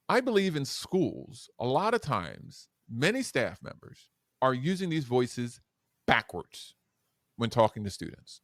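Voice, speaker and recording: A man who is a guest educator and speaker on a podcast interview, talking in an animated, demonstrative way that swings between loud and soft. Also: mid-range voice, measured pace, no echo, studio quality.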